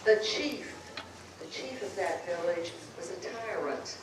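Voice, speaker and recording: A woman storyteller telling a folktale live to an audience, with dramatic, drawn-out phrasing. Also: on the low side, animated. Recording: echoey room, far mic, background noise.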